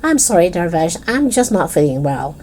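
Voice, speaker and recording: A sniffly young schoolboy with a heavy cold speaks in a low, dark tone, tired and reluctant, as a woman reads his lines. It is a gentle storybook voice, close to the reader's own. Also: sing-song, normal speed, slight background noise.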